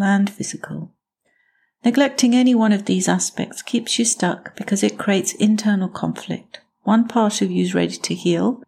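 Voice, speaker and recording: A woman hosting a self-help podcast, speaking in a measured, gently instructive way and laying out steps one by one. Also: mid-range voice, creaky, slightly rough. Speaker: podcast host.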